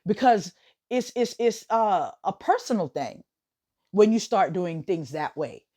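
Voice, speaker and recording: An American woman hosting a podcast, talking casually in an animated way, laughing often and swooping up high for emphasis. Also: measured pace. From United States. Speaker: podcast host. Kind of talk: casual monologue.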